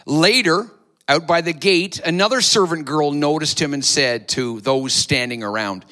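Male pastor, sermon, dramatic storytelling, bright tone, slow deliberate delivery. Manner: dramatic storytelling, acting out voices with big pitch swings.

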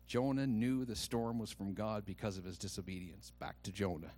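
A man preaching a sermon, telling a personal story and reading scripture, with quiet asides that swing to loud, rising exclamations, and he acts out the quoted voices. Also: lowish voice, normal speed. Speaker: pastor.

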